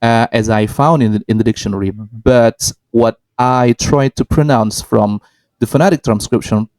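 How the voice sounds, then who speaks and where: Guy co-hosting a learning chat, hesitant, dark mellow voice, dry close sound. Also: medium pitch, moderate pace, dry recording, poor audio. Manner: hesitant, many ums and restarts, models example phrases. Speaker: podcast co-host. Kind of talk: casual educational chat.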